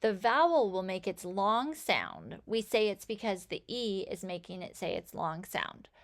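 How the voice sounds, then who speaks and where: A woman teaching a phonics lesson, sounding out letters and words with slow, clear enunciation. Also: mid-range voice, big pitch swings. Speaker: reading teacher.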